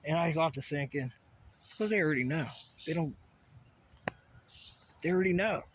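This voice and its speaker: Man, rambling solo rant, profane and agitated, fairly high voice, faint background noise. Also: expressive, normal speed. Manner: profane, agitated ranting with many asides. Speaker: vlogger.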